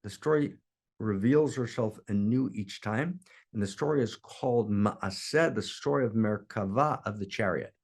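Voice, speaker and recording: Gravelly man teaching through a story. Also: medium pitch. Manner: impassioned, frequent "right?" asides, repeats words. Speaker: spiritual teacher.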